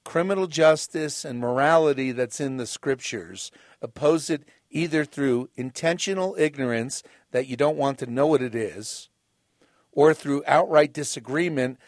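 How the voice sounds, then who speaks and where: A man's voice: mid-range voice, a little slow, dry recording, clean studio sound. A man hosting a radio show, delivering emphatic, sarcastic political and moral commentary like a sermon. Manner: emphatic, sarcastic, mimics opponents in quotes.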